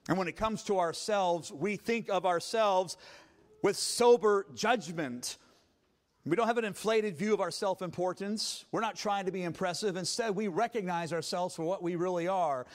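A man preaching a Sunday sermon as pastor, emphatic and swinging between quiet passages and loud ones. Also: sits high.

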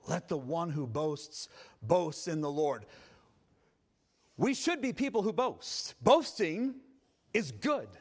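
A man's voice: fairly high pitch, sing-song, slow pace. Male pastor, sermon delivery, dynamic and emphatic. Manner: emphatic, swings between quiet and loud.

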